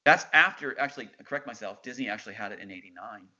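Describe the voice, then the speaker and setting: Middle-aged male guest, insistent storyteller, forceful bright tone, lo-fi audio. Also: lowish voice, animated, fast talker. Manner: intense, insistent, quotes others' words. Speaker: interview guest. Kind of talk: emotional storytelling. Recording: dull lo-fi sound.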